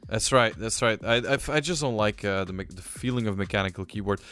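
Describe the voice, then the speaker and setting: A man's voice: lowish voice, quick pace, a bit bright, soft background music. Rambling, restart-prone male podcast host. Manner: rambling, self-interrupting, laughing. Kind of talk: casual chat.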